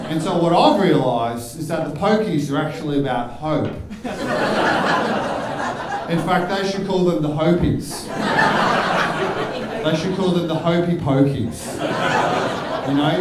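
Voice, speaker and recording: A man's voice: high-pitched, lively intonation, a little slow, pauses often, noisy background. An Australian man doing a stand-up set, brash and swearing, building into ranting bits. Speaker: stand-up comedian. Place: comedy club stage. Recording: roomy live club recording, loud crowd. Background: laughing audience.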